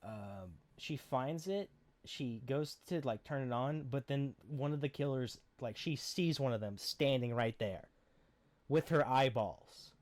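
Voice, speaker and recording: A man's voice: medium pitch, animated, a little slow, darkish tone. A man co-hosting a podcast, casually recapping a film in a rambling, profane, sarcastic way. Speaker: podcast co-host.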